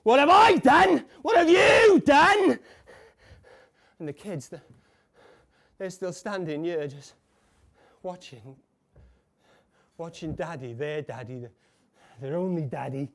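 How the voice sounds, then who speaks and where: An actor in a live stage monologue playing a tormented man who caught his wife cheating. He stammers, repeats broken phrases, and swings between hushed murmurs and shouts. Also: on the high side, slow pace, long pauses. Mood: anguished. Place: café bar stage before a live audience.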